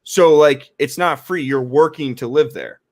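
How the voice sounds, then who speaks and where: Dude in a podcast argument, kinda high voice, keeps going no no no, lots of like. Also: male voice, measured pace, a little mellow. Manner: insistent, repeats words, says "like" a lot. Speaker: podcast panelist. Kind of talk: casual debate.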